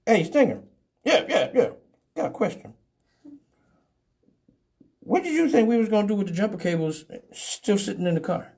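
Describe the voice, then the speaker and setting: A man hosting a live show, from Detroit, telling profane stories with animated voices for each person in them. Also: sits high, normal speed, creaky, long pauses. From Detroit, Michigan. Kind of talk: casual storytelling.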